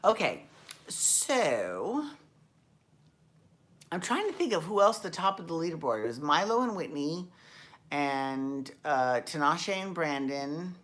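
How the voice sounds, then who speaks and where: A woman's voice: sits low, big pitch swings, slow pace, fairly bright tone. A woman hosting a casual recap show, rambling and chatty with frequent restarts and the odd swear. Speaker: podcast host recapping dance shows. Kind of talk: casual chat.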